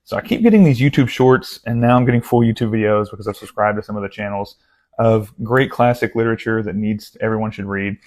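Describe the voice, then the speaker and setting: A book vlogger, a young man with a fairly low, darkish voice, talks fast and casually about his latest book haul. He rambles and pokes fun at himself, full of asides and restarts.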